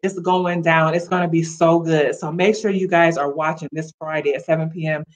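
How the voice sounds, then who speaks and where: A woman's voice: low-pitched, fairly even intonation, moderate pace. A woman hosting a motivational livestream, encouraging viewers directly with a preachy, upbeat manner. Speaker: livestream host. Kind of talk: casual motivational livestream talk.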